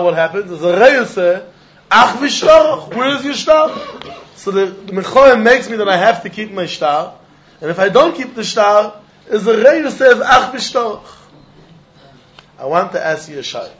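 A man's voice: high voice, slight background noise. Yeshivish man teaching Talmud, lo-fi. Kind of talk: Talmud class lecture.

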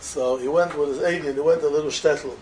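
A man with a fairly high voice gives an informal Torah talk, mixing in Yiddish and Hebrew terms. He is animated and builds up to emphatic peaks. There is a faint noise under the recording. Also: quick pace, rough recording. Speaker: religious speaker.

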